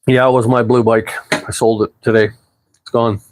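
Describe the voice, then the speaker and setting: A man chats casually on a home livestream, answering viewers as he goes. His talk rambles loosely, with fillers, restarts and the occasional curse, in a voice of ordinary middle pitch. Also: moderate pace. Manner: rambling, relaxed, with swearing and many fillers. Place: apartment at home.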